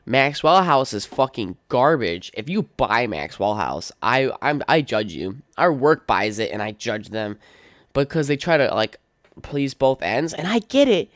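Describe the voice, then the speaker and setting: Blunt young man ranting, smooth voice. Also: medium pitch, big pitch swings, unhurried, a bit bright, dry recording. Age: young adult. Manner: blunt, profane and opinionated, with frequent fillers. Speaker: podcast host. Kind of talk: casual solo rant.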